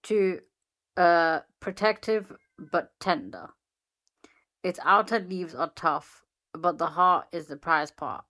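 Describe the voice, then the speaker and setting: A woman's voice: on the low side, slow pace, a bit bright. A woman co-hosting a casual podcast, laughing often as she reads chatbot answers aloud. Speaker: podcast co-host. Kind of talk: casual chat, reading aloud.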